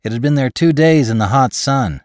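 A man's voice: mid-range voice, moderate pace, a little mellow, no room sound, clean studio sound, voice pushed up, lightly acted. A man voicing a healthy, polite young male attendant who is bewildered, in an audiobook story. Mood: puzzled.

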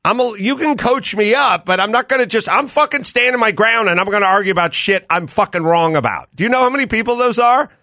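A man's voice: high voice, lively intonation, fast talker, few pauses, bright, forceful tone, dry recording, studio quality. A man hosting a podcast, chatting casually and telling profane stories with acted-out quotes. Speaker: podcast host. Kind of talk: casual chat.

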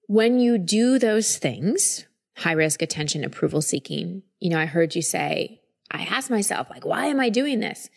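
A woman hosting a podcast, calmly explaining and guiding a guest through a coaching conversation. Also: on the low side, unhurried, gravelly. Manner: calm, explanatory, reassuring.

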